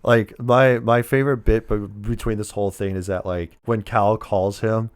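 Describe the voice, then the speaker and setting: A man's voice: on the low side, steady tone, moderate pace, clean tone, no echo, clean studio sound. A man co-hosting a casual movie review podcast, retelling scenes with quoted voices and laughing often. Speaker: podcast co-host.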